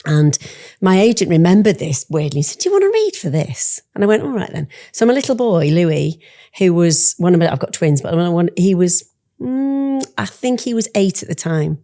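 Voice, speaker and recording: Low, mellow-voiced woman podcast host. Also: expressive, normal speed. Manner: chatty, warm laughter, storytelling. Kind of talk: casual chat.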